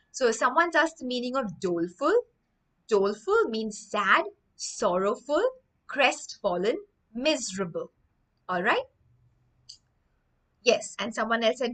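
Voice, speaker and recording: A woman's voice: medium pitch, bright, forceful tone, rough recording. A woman teaching English vocabulary in an online lesson, reading a story and explaining words with lists of synonyms, often checking "right?".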